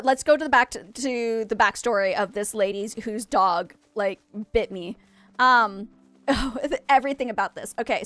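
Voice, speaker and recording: High-pitched gamer girl telling a story while she plays, chatty, animated, laughs a lot. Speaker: gaming streamer. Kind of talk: casual storytelling while gaming. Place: home office.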